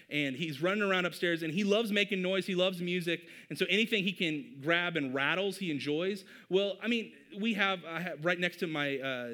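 A man's voice: on the high side, sharp tone. A man in his thirties, a pastor giving a conversational sermon and often addressing the congregation as "you guys".

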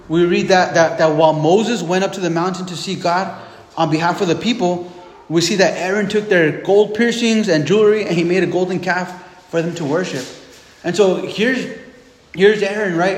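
A man preaching in a relaxed, conversational way, retelling scripture in plain modern words and voicing the people in the story. His voice sits a little high. The sound rings through a big echoey hall with a long reverb tail. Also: a little hiss or hum. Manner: retells scripture in casual everyday speech, acting out voices. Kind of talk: sermon.

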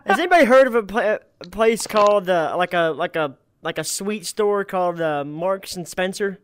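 Male podcast host, high and animated, giggly, reading stories aloud. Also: normal speed, clean tone, no room sound. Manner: laughing often, reading news items with restarts. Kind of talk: casual chat.

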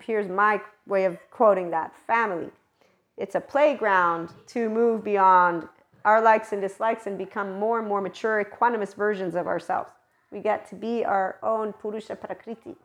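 A woman gives a loose, rambling spiritual talk, pressing her points hard with a lively, emphatic delivery. She often slips into little acted-out voices to quote others. Her voice sits at a middle pitch for a woman. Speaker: spiritual vlogger. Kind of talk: casual spiritual monologue.

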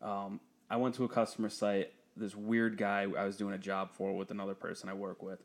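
A young man in easy, casual chat, telling a long story with plenty of swearing. He laughs often and gets animated when he quotes other people, and his voice leaps upward. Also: lowish voice, fairly quick.

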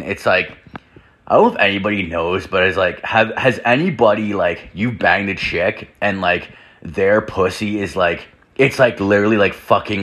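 Rambling, profane young man, low voice. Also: fairly bright tone. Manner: rambling, heavy filler "like", profane. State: drinking whiskey. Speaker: podcast host. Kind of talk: crude storytelling monologue. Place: home room with door open.

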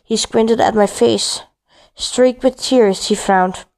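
Gravelly-voiced woman reading a story aloud. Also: a little high, slow pace, darkish tone. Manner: reads with frequent slips and restarts. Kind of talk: first-person story reading.

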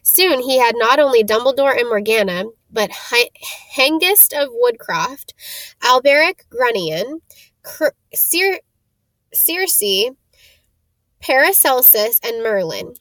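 A woman reads a storybook aloud in a steady voice, tripping now and then over hard names. Her voice sits a little high. The recording is close and dry. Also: slow pace, dry recording. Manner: steady reading with small stumbles. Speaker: reader.

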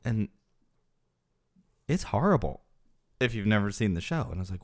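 Low-voiced guy chatting on a podcast, animated, does squeaky voices when quoting friends. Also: brisk, pauses often. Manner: animated storyteller, jumps into high voices when quoting people. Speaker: podcast co-host. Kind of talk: casual chat.

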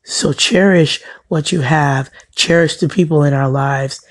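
A woman giving an earnest, faith-based motivational talk, repeating her points for emphasis and sometimes dropping to a hush. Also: low-pitched, steady tone, unhurried, no room sound. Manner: earnest, preaching encouragement with emphatic repetition. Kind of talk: inspirational devotional talk.

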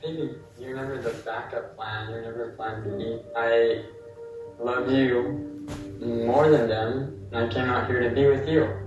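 A man on a reality show clip, speaking as an evasive boyfriend in a flat, reassuring tone. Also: mid-range voice, a little slow, lightly acted. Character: smooth young boyfriend under suspicion. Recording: distant, echoey clip with music.

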